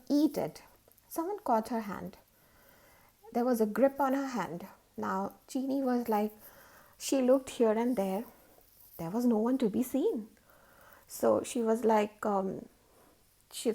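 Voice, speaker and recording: Gravelly-voiced woman telling a story. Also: on the high side, mellow. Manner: chatty, with many fillers. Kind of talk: casual storytelling.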